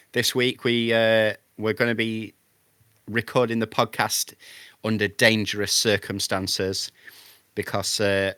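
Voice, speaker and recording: A man from the UK hosting a casual podcast, chatty and relaxed with plenty of fillers. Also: fairly low pitch, takes it slowly, clean tone, no room sound. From United Kingdom. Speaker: podcast host.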